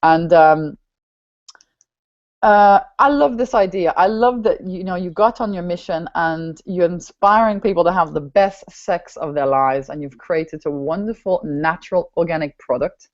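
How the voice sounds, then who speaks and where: A woman hosting an interview podcast, talking in an animated, emphatic way and often repeating her words. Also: fairly low pitch, a little slow. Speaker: podcast host. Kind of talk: enthusiastic interview chat. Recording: dull lo-fi audio.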